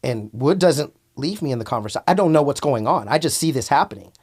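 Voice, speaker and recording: A man telling a story in casual, animated, profanity-heavy slang as an interview guest. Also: medium pitch, quick pace, breathy edge.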